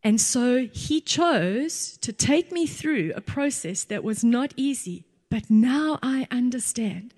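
A woman, giving an earnest church testimony as a mother, slow and emphatic. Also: fairly high pitch, lively intonation, darkish tone. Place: church hall. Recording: long hall reverb.

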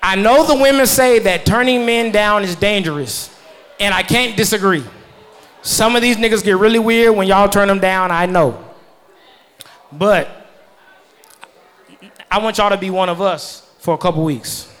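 A man in his thirties performing a stand-up comedy set, loud and profane, laughing at his own jokes as the audience laughs. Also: high-pitched, unhurried, pauses often. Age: 30s.

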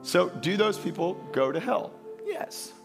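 High-voiced preaching pastor, faint music. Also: male voice, sing-song, creaky. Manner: emphatic preaching, slows down and rises on key lines. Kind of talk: sermon. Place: church.

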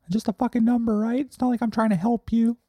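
Man putting on a shrill, preachy, guilt-tripping talking number, loud and whiny. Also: steady tone, quick pace, no room sound. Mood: sulky. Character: the number forty-four as a nagging, sulky pest.

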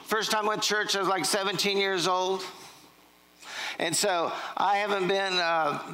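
A man's voice: high-pitched, fairly even intonation, normal speed, sharp tone, low-quality recording. A middle-aged man, preaching a sermon in a church, telling jokes and stories and quizzing the congregation. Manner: joking, storytelling, quizzing the congregation. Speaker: pastor. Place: church sanctuary.

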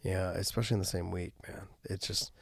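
A man's voice: deep voice, steady tone, fairly quick, gravelly, slightly rough, no echo, studio quality. A middle-aged man hosting a casual podcast, talking earnestly with many restarts and fillers. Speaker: podcast host and former fighter.

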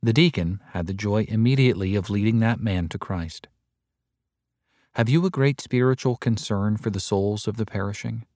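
Earnest low-voiced man reading a sermon. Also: moderate pace, darkish tone, dry recording, clean studio sound. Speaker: reader of a devotional text. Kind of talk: measured reading of a soul-winning sermon.

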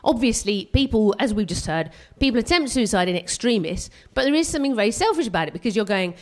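Self-mocking woman doing live stand-up. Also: fairly high pitch. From Britain. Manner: animated and self-mocking, with quick vocal jumps. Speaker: stand-up comedian. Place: live comedy venue.

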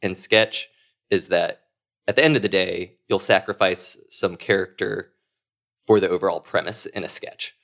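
A man, a sketch comedian, talking through his craft in a casual interview, thoughtful and quick to laugh. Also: deep voice, creaky, fairly bright tone. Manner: thoughtful, laughs often, quoting himself in asides.

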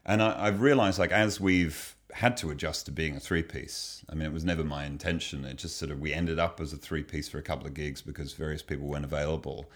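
A man's voice: a bass voice, fairly even intonation, fast talker, hardly any pauses. A man, a children's musician and comedian, talking as an interview guest, thoughtful and often restarting sentences. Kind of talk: casual interview chat.

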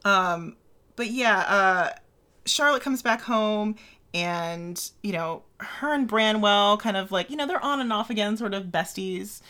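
A woman's voice: medium pitch, a little slow, bright, forceful tone. A woman co-hosts a casual podcast about literary history, talking in a loose, chatty way. She fills her sentences with ums and likes and often breaks into giggles. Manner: chatty, giggly, lots of fillers. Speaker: podcast co-host.

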